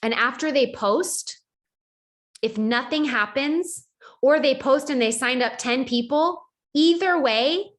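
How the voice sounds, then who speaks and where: A woman coaching her team in a lively motivational talk, dropping in lots of "like" and "right?". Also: high voice, slow. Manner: animated, acts out quoted voices, frequent "like" and "right?". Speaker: network marketing team leader.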